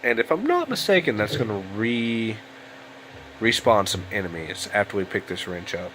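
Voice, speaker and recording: A man's voice: on the low side, big pitch swings, moderate pace, a bit bright, slight background noise, low-quality recording. A young man giving casual, rambling gameplay commentary at home late at night, sounding tired and yawning. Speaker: let's play host. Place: home room at a computer.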